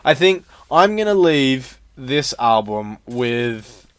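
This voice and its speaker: A man hosting a podcast in casual chat, talkative and quick to laugh. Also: mid-range voice, very animated, fairly bright tone, clean tone, no room sound. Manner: chatty, laughs easily, many fillers. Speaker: podcast host.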